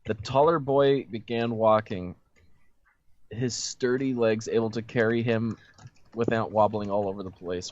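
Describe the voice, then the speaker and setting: A man's voice: on the low side, fairly even intonation, a little slow, a little mellow, lo-fi sound. A man reading a fanfiction aloud for laughs, stopping now and then to joke about it. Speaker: reader of fanfiction. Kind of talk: comedic dramatic reading with banter.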